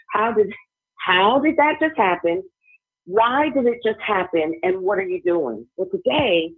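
A woman preaching a sermon in a conversational, storytelling way, often checking in with her listeners. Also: lowish voice. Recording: tinny phone-line sound.

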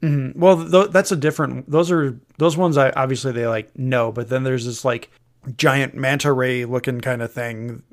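A man's voice: medium pitch, normal speed. Man casually critiquing a film. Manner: critical, picks apart dialogue. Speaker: podcast co-host. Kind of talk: casual film review chat.

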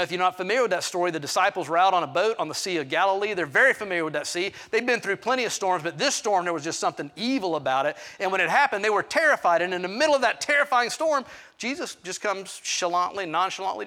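A middle-aged man preaching by telling a story on himself, candid and ready to poke fun at his own faults. His voice sits high for a man and comes across bright and forward. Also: expressive, fast, gravelly. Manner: candid, self-deprecating storytelling with asides. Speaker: pastor. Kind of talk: storytelling sermon.

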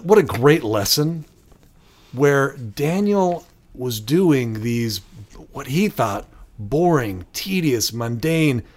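A man's voice: mid-range voice, takes it slowly. A middle-aged man co-hosting a podcast in casual chat, telling stories animatedly and acting out quotes. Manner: animated storytelling, acts out movie quotes. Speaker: podcast co-host.

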